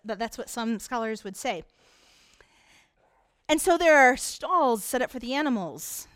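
A woman pastor delivering a conversational sermon, slowing into emphatic pauses on key points. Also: a little high, no room sound. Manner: conversational preaching with dramatic pauses.

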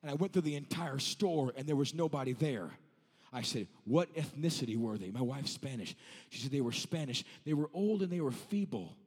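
A male evangelist in his thirties, preaching a revival sermon that moves from telling a story to shouting. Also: mid-range voice, lively intonation, brisk, breathy edge, big-room sound.

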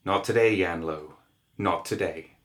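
Brief: a male reader doing a gloating old plague demon, low, mocking storybook villain. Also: unhurried, a bit bright. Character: gurgling plague demon, old, taunting, cruel.

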